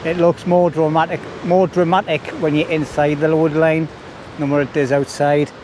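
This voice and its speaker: A man's voice: fairly high pitch, level tone, normal speed. A jokey, chatty man vlogging from windy woodland. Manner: jokey, chatty, laughs a lot. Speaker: bushcraft vlogger. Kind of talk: casual chat to camera. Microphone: camera mic. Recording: wind noise.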